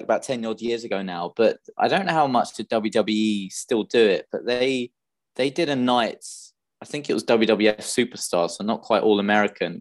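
A man in his thirties, a guest on an online call, talking eagerly and nostalgically in casual chat. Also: medium pitch. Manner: enthusiastic, nostalgic fan talk.

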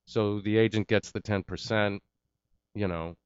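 A middle-aged man with a low, smooth voice tells a story in a relaxed chat and acts out the people he quotes. The sound is dry and a little dull. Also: unhurried, dry recording. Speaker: actor telling a story.

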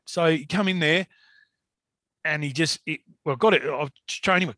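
Man, casual storyteller, slightly high voice, dry close mic, salty and lively. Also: normal speed, no echo. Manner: swearing, animated storytelling with laughs. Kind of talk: casual chat.

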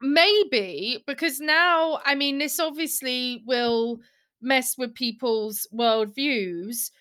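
A woman co-hosting a podcast, telling a story in a casual, animated and rambling way. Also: high voice, slow pace. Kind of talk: casual chat.

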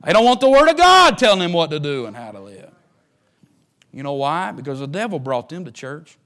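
A man preaching a fervent sermon, swinging between hushed lines and loud ones. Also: a little high, very animated, fairly quick. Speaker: pastor.

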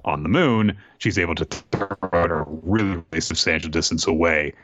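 On his laid-back podcast, a young male host recaps a story loosely, peppered with curses and fillers. He speaks briskly in a low, fairly bright voice, in a recording that's a bit dull and dry.

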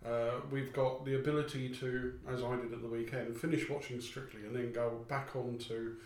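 A man's voice: medium pitch, little pitch movement, moderate pace. Guy co-hosting a podcast, dry jokey tangents, mid voice, echoey room. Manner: chatty, digressive, dry humour. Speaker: podcast co-host. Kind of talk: casual chat. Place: office or shared workspace.

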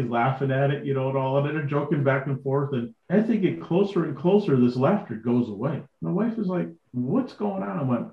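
A middle-aged man, a podcast guest, telling casual stories with lively acted-out dialogue and frequent laughs. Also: medium pitch. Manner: animated, acts out quoted dialogue, laughs often. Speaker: guest, vintage tractor collector. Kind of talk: casual anecdotal storytelling. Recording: echoey, dull lo-fi audio.

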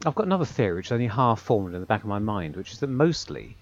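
A man's voice: fairly low pitch, very animated, fast, slight background noise. A man in a casual podcast chat, thinking aloud in long, self-correcting sentences. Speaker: podcast panelist. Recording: dull lo-fi sound.

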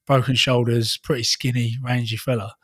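A man in his thirties talking easily and with plenty of banter, swearing casually as he tells his story at an everyday middle pitch. he sounds relaxed and open, like a guest in an easy-going conversation. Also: normal speed, breathy edge, dry recording, studio quality. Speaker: rugby player guest.

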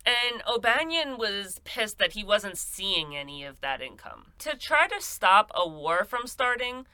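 A woman's voice: medium pitch, very animated, a little slow, sharp tone, smooth, dry recording. A woman telling a crime story in a chatty, sarcastic, profane way, as a podcast host. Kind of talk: casual true-crime storytelling.

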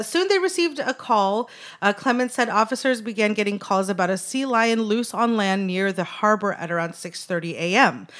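Woman co-host, reads news with wry jokes, laughs a lot. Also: medium pitch. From immigrant to the United States. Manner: laughs often, reads news aloud with sarcastic asides. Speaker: podcast co-host. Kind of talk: casual podcast chat.

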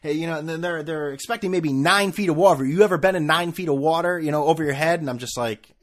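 A podcast host with a voice on the high side talks fast, rambling through a funny story about himself with frequent restarts.

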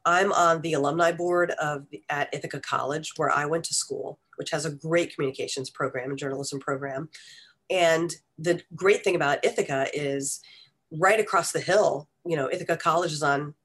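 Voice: medium pitch, moderate pace, fairly bright tone. An adult interview guest answering earnestly, with many um fillers. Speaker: union media guest being interviewed. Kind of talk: interview conversation.

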